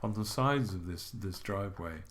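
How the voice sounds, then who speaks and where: An older man co-hosting a podcast, reminiscing in a relaxed, halting way with gentle humour. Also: fairly low pitch, a little hiss or hum. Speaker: podcast co-host. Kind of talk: reflective casual chat.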